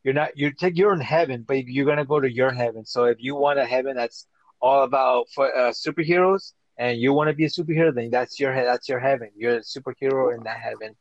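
A man's voice: medium pitch, fast talker, dry recording, muffled recording. A man in casual podcast chat who repeats himself while explaining.

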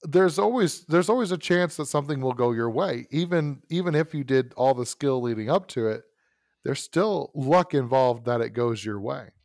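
Brief: male podcast host, mid-pitched, dry close sound, loose rambling storytelling. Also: animated, moderate pace, a little mellow, no room sound. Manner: rambling, self-correcting anecdote with frequent asides. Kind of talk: casual storytelling.

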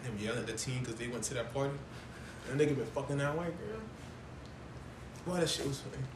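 A man's voice: mid-range voice, a little fast, background noise. A man co-hosting a podcast, chatting casually about movies in loose slang and jumping into impressions. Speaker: podcast co-host. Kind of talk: casual chat. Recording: echoey room with faint ambience.

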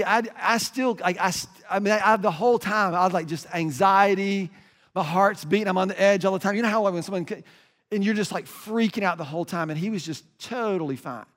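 An American man delivers a sermon as a lively story, his voice pitched fairly high for a man. He talks with emphasis and keeps stumbling into restarts. A long hall reverb trails his words. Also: a little fast. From United States. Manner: animated, emphatic, many restarts.

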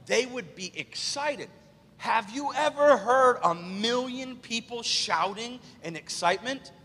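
A male pastor delivers a live sermon in a bright, slightly husky, high-set voice that leaps around in pitch. He asks the congregation rhetorical questions and swings from hushed low lines to loud exclaimed peaks. The church hall leaves a long reverb on his words. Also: animated, measured pace. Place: large church sanctuary.

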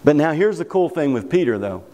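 High, lively preacher with a Kentucky accent. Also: male voice, a little fast, in a large hall, a little hiss or hum. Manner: emphatic, repeats phrases for weight. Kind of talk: sermon.

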